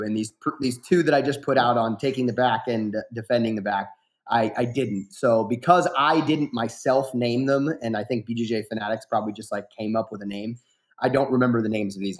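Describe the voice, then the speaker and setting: A man in his thirties chats as a guest on a podcast, easygoing and rambling, leaning on "you know" and restarting his sentences. His voice sits in an ordinary middle pitch, and he never pushes hard as he thanks people and tells stories in a loose, unhurried manner. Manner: relaxed, rambling, many fillers and restarts. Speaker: guest fighter. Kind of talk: casual podcast interview.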